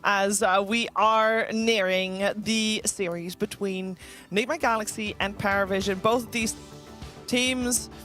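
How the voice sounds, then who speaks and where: A woman hosting a live esports analysis desk, cheerful and quick to laugh as she steers toward the matches. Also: medium pitch, steady tone, fairly bright tone, soft background music. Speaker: esports caster and desk host. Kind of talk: live broadcast desk talk.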